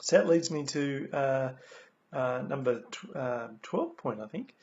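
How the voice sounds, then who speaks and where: Australian man, motivational speaker, gravelly, earnest and repetitive, muffled lo-fi sound. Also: mid-range voice, animated, measured pace, darkish tone. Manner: earnest, repeats key phrases, many ums. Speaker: speaker sharing recovery lessons. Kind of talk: motivational talk. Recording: dull lo-fi recording.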